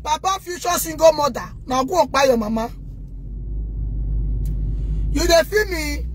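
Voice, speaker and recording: A woman with a Nigerian accent in an impassioned rant to the camera, scolding loudly and indignantly and addressing her viewers directly. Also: sits high, animated, a little slow, a little hiss or hum.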